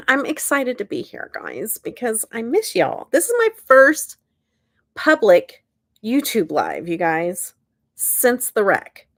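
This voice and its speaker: A woman's voice: on the high side, wildly swooping pitch, slow, no room sound. Bubbly middle-aged lady doing a makeup live from bed, dry close sound. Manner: chatty and bubbly, laughs often, greets viewers by name. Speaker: beauty YouTuber. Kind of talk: casual live-stream chat. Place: bedroom, in bed.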